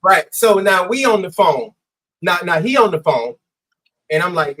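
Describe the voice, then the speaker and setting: A man, a former high school baseball coach, telling a story in a casual interview, acting out the dialogue and swearing freely. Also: big pitch swings, moderate pace, bright, forceful tone, rough recording.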